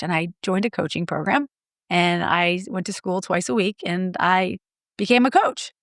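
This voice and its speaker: A middle-aged woman coach telling stories in an interview, blunt and lively, acting out her clients' lines. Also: on the low side, normal speed, no echo, clean studio sound. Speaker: guest, marriage coach. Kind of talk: animated storytelling interview.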